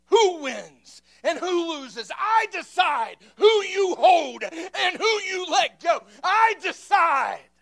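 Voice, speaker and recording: A preacher shouting as a booming, commanding Jesus. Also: male voice, creaky, heavily acted. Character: commanding adult male Jesus raising the dead.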